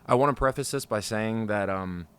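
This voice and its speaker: A man's voice: on the low side, normal speed, a bit bright, clean tone. A man hosting a casual solo podcast, frustrated and scattered, talking in a rambling way and swearing freely, recorded on a studio microphone. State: over-caffeinated, scattered. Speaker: podcast host.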